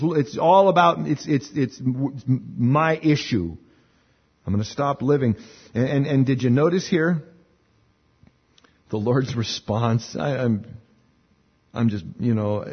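Husky-voiced pastor preaching animatedly. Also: male voice, on the high side. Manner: animated, conversational, acts out voices in anecdotes. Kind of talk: sermon. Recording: muffled lo-fi sermon recording.

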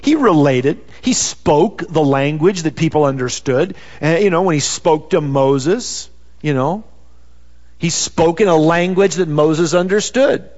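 A man's voice: a little high, unhurried, a little mellow. A man preaching a sermon in a conversational way, peppered with "you know.". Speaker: pastor. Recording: dull sound with long reverb.

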